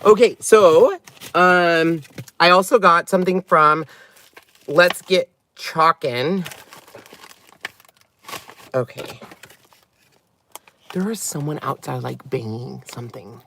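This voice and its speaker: A man hosting a crafting channel, chatting excitably and breaking into giggles while opening gifts in his car. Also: on the high side, takes it slowly, creaky, pauses often, a little hiss or hum. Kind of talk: casual unboxing vlog. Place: inside a parked car.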